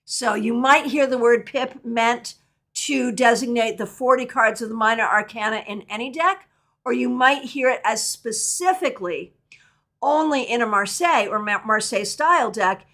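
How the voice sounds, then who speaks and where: A middle-aged woman teaches a live online tarot workshop, chatting candidly and answering viewer questions along the way. Her voice is fairly high and fairly bright, at a moderate pace.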